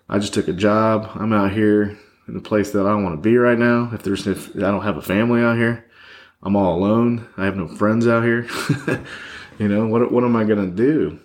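A man with a fairly low voice talks as a guest on a podcast. He tells his story candidly and rambles, leaning on fillers. He sits across a table from the host. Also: fairly even intonation, a little fast, a little mellow. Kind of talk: personal story in conversation.

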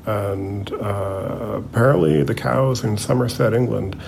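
A man's voice: on the low side, unhurried, gravelly, darkish tone, a little hiss or hum. A man co-hosting a podcast, talking in a casual, hesitant way full of fillers and restarts. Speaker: podcast co-host. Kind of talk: casual chat.

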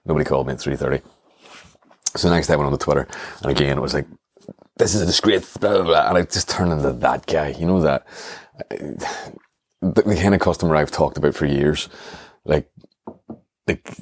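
A man's voice: very deep voice, fairly quick, long pauses, a little mellow, husky, dry recording, studio quality. A man hosting a show, rambling through comic, self-mocking stories and acting out the other people in them. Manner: rambling, self-mocking, acts out voices in quotes. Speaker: podcast host. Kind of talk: comic storytelling monologue.

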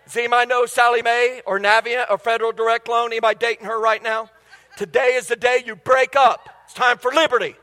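Middle-aged male pastor, very high and sharp, humorous storyteller, church hall reverb. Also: little pitch movement, quick pace. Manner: humorous storytelling, quizzing the congregation. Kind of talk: sermon. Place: church sanctuary. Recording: long reverb of a large hall.

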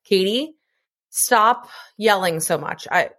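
A woman's voice: medium pitch, lively intonation, takes it slowly, a bit bright. A woman co-hosting a podcast, chatting earnestly about motherhood and swearing casually now and then. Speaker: podcast co-host. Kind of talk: casual chat.

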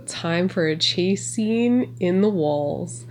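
A woman talking casually as a podcast host, reacting excitedly and sarcastically to a movie with lots of swearing. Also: fairly low pitch, slow, a little hiss or hum.

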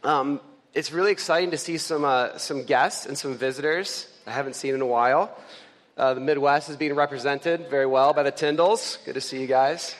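A man preaching a casual, conversational sermon in a church, earnest and halting, with many fillers and restarts. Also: mid-range voice, steady tone. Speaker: pastor and church elder. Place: church sanctuary. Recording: long hall reverb.

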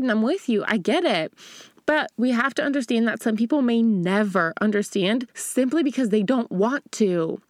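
A young woman hosts a motivational podcast with a bright, slightly high voice and a chatty, upbeat delivery. She speaks casually with slang and keeps checking in with "right?" The sound is dry and close, with no room echo. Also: moderate pace. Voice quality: casual slang, "stoked", "hella". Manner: upbeat, chatty, addresses listener as "girl", fillers like "right?". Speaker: podcast host.

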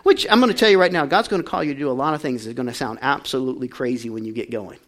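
Preaching at a very fast pace in a mid-range voice, a male pastor calls on his congregation to respond. He shifts back and forth between quiet speech and loud shouting.

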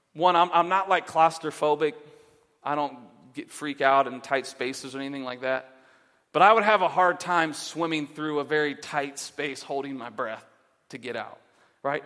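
Male pastor, earnest sermon delivery that drops from emphatic to hushed; higher voice in a reverberant sanctuary. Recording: long reverb of a large hall.

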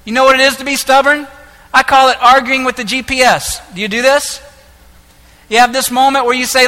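A man preaching a sermon as pastor, impassioned, moving between hushed lines and loud ones. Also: extremely high pitch, normal speed. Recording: echoey hall with long reverb.

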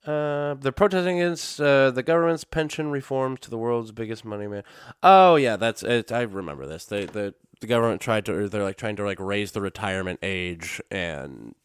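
A man's voice: fairly low pitch, expressive, normal speed, smooth, dry recording, clean studio sound. Rambling sarcastic male podcast host. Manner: rambling, sarcastic, prone to silly outbursts. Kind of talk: casual solo commentary.

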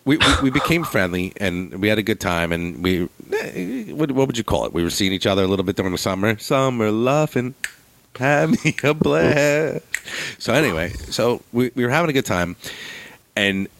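Lively low-voiced man telling a story. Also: a little fast, creaky. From northern New Jersey. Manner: profane, rambling storytelling with acted-out quotes; swings high and loud when quoting others. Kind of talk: casual chat.

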